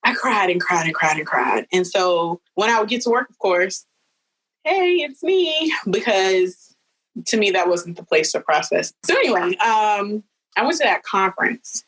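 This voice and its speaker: A woman in her thirties telling a personal story as a podcast guest, animated, with high leaps when she quotes people. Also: moderate pace, slightly rough, poor audio. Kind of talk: storytelling in casual chat.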